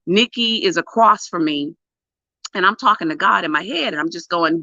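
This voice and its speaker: A middle-aged woman and PR coach telling a story to camera in a casual, animated way, with emphatic bursts and hushed asides. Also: lowish voice, normal speed, no room sound. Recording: dull lo-fi, dry sound.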